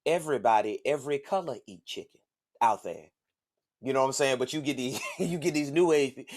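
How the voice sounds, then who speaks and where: A man's voice: mid-range voice, quick pace. A man from the States, hosting a podcast and telling a story in a casual, profane way. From Southern United States. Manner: animated, profane, acts out other voices. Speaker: podcast host.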